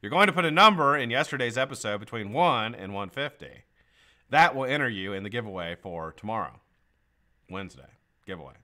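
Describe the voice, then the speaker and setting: A man's voice: mid-range voice, lively intonation, a little fast, pushed and bright. A man hosting a casual live stream. He chats loosely, swears a lot and laughs often. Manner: profane, joking, laughs often. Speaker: livestream host.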